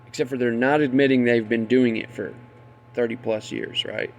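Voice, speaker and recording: A man rants in a loose, rambling monologue, swearing freely and getting worked up. His voice has a gravelly edge at a middle pitch. A faint hiss sits under the recording. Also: steady tone, moderate pace. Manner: profane, indignant, loses his train of thought. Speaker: conspiracy commentator.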